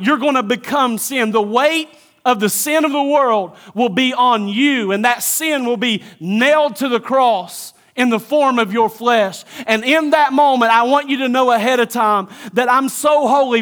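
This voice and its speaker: A man plays God the Father, talking to his son in an earnest, solemn sermon monologue. The voice sits fairly high for a man and sinks into hushed softness on the most tender words. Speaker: pastor.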